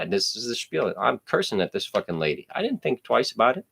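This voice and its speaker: A man's voice: fairly low pitch, big pitch swings, moderate pace, creaky, breathy edge. A man in his thirties from New Jersey, telling a profane, blunt story in casual chat.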